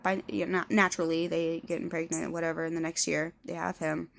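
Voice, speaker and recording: A woman's voice: fairly low pitch, little pitch movement, fairly quick, vocal fry, slight background noise. A woman in her thirties telling her own story to camera in a blunt, rambling way with heavy swearing. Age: 30s. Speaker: vlogger.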